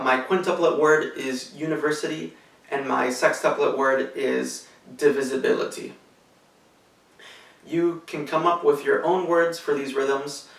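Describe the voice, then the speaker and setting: Explaining rhythm one step at a time, a cello teacher leads a lesson in a patient, methodical manner, using some fillers. His voice is fairly high, creaky and a bit bright. The room is echoey and the microphone is placed at a distance.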